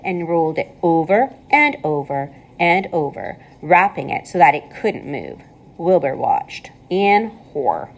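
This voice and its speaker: A woman narrating a children's novel aloud, expressive storytelling. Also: fairly low pitch, rough recording. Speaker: reader.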